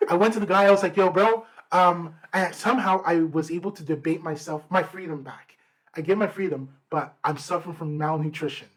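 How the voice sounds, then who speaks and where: A young man co-hosting a podcast, casually telling a story in a rambling, animated way with slang and fillers. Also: a little high, fairly quick, poor audio. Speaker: podcast co-host.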